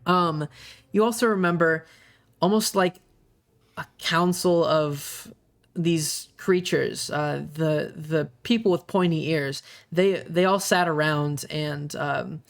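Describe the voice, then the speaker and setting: A game master narrating a tabletop role-playing game, unhurried and full of ums and uhs. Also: medium pitch, gravelly.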